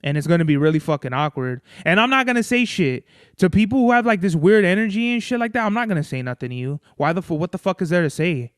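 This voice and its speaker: A man's voice: high-pitched, animated, quick pace, clear, resonant tone, dry recording, clean studio sound. A young man, hosting a podcast in loose, profane, rambling casual chat. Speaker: podcast host.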